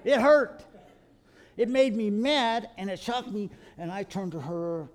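Folksy man preaching, higher voice. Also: unhurried. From Kentucky. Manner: animated storytelling, calls listeners folks. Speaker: creationist speaker. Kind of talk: folksy preaching to a live audience.

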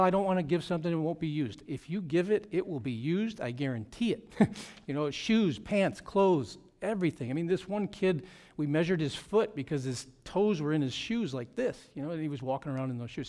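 A middle-aged man, a pastor, giving a lively report on a mission trip to his church. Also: a little high. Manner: animated storytelling with frequent laughs.

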